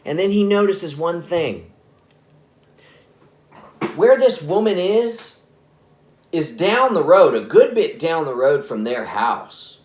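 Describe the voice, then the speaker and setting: A man's voice: fairly high pitch, big pitch swings, slow, pauses often. A man telling a spooky story in a casual, rambling way, often correcting himself. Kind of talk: spoken scary story narration.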